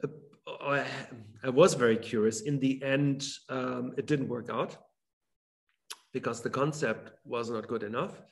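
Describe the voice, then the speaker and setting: A man's voice: medium pitch, fairly even intonation, measured pace, gravelly. A German man, an author speaking as guest in an online talk, whose first language is German. He talks hesitantly, with many fillers and restarts.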